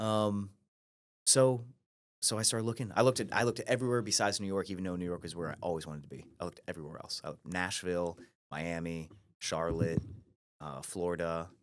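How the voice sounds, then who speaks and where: Man, thirties, from Ohio, very low voice, quick delivery, animated storyteller, restarts a lot. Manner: animated storyteller who acts out quoted voices, with frequent restarts. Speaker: guest, brokerage CEO. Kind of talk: storytelling in a podcast interview.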